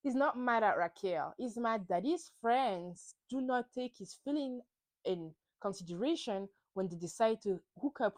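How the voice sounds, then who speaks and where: Animated woman recapping reality TV. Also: medium pitch, no echo. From France. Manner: opinionated and animated, acts out quotes. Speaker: podcast host. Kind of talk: solo recap chat.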